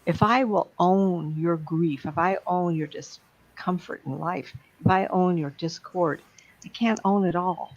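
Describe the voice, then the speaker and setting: Blunt gravelly woman, lo-fi sound. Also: lowish voice, measured pace. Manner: blunt and plain-spoken. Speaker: psychic medium speaker. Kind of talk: talk to an online audience. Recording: dull lo-fi sound.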